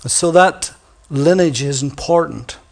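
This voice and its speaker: A man preaching a sermon in a church, stressing key words by slowing down. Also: a little high, gravelly. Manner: reads scripture quietly and softly.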